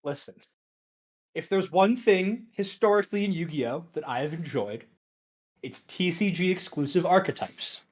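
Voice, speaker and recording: A man's voice: on the high side, lively intonation, normal speed, darkish tone. A young man co-hosting a casual card-game podcast, explaining his opinions with enthusiasm. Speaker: podcast co-host.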